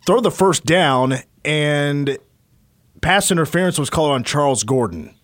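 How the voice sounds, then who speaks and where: A man hosting a sports talk show, recapping a college football game in steady, casual detail. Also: fairly high pitch, unhurried, dry recording, clean studio sound. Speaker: sports radio host.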